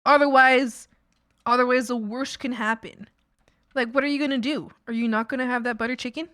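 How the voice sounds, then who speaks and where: A woman's voice: on the high side, steady tone, a little fast, a bit bright, dry recording, studio quality. A woman streamer in casual livestream chat, talking in a playful, rambling, goofy way.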